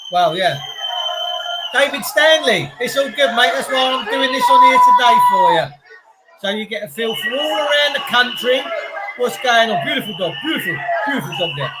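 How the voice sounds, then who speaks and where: Excitable man, chatty live streamer. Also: extremely high pitch, moderate pace, very noisy. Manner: chatty, excitable, greets viewers by name. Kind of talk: casual live stream commentary.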